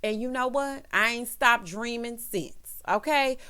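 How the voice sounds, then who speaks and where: Woman doing a chatty tv recap, kinda high voice, super expressive, talking right to her viewers. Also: measured pace, clean tone. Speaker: TV episode reviewer. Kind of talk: casual recap commentary.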